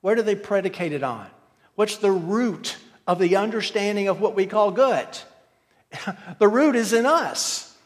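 High-voiced man preaching in a reverberant hall. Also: animated, measured pace. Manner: emphatic, asks many rhetorical questions. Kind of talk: sermon.

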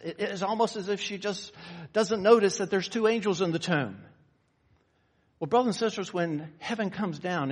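A man preaching a sermon. He builds to fervent raised passages, then drops low and quiet. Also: long reverb tail.

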